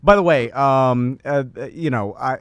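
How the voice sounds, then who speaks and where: A man's voice: medium pitch, unhurried, smooth, no echo. A man co-hosting a casual radio-style talk show, telling stories with lots of fillers and chuckles. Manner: rambling storyteller with many fillers and laughs. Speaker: co-host.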